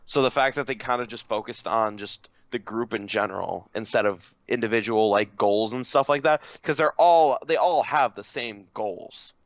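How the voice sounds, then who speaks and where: A man's voice: mid-range voice, normal speed, hardly any pauses, no echo, highs cut off. A young man co-hosting a casual anime podcast, hesitant and dry, restarting his sentences. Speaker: podcast co-host. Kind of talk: casual chat.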